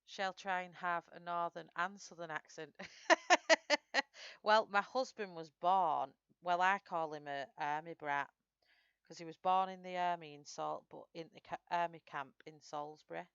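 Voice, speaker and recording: A woman's voice: on the low side, a little slow, a bit bright, clean tone, no room sound, muffled recording. A woman with a Northern English accent, chatting through a live colouring tutorial and answering viewers' comments as she works. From Northern England. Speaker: streamer.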